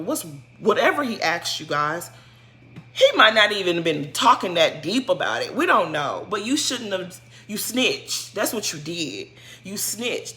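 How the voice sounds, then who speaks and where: A woman giving a casual, sassy recap of a reality show, scolding a cast member in animated slang. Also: medium pitch. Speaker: show commentator.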